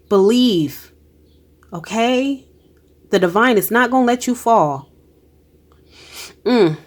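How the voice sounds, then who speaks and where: A medium-pitched, animated woman talks slowly and leaves long pauses. Her casual tarot-style energy reading is emotional and encouraging, delivered emphatically in everyday speech peppered with exclamations.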